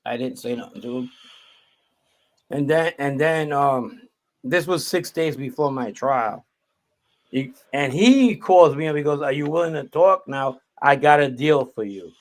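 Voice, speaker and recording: A man tells his story over a video call, swearing freely and acting out the other people's lines. His voice sits at an ordinary middle pitch. It sounds like a casual stream guest. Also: moderate pace.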